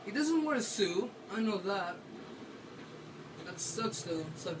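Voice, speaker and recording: Playful and rambling, a high-voiced man narrates his gameplay for a video, talking to himself at an unhurried, animated pace. The handheld camera picks him up from a distance, with background noise around him.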